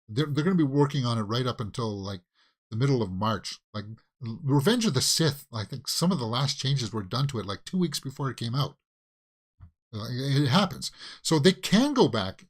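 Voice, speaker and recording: Guy hosting movie news from home, chatty and opinionated, lots of uhs, mid pitch voice. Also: fairly bright tone. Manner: chatty, opinionated, many fillers and restarts. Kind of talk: casual commentary.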